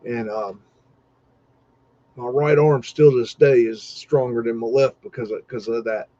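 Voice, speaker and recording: A man's voice: mid-range voice, fairly even intonation, measured pace, warm tone. Rambling folksy man, lo-fi stream. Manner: folksy, swears casually, lots of fillers. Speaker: podcast host. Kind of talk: casual rambling storytelling.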